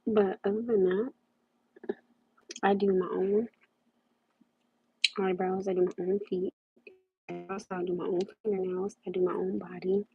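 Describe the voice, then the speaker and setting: A woman's voice: mid-range voice, breathy edge. A young woman hosting a casual livestream, rambling and repeating herself as she talks. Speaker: livestream host. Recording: muffled lo-fi livestream audio.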